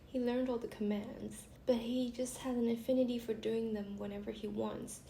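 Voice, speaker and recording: A woman's voice: a little high, level tone, moderate pace, mellow. A young woman vlogger casually reading funny stories aloud, chatty and giggly, often breaking off to laugh. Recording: echoey room with faint hiss.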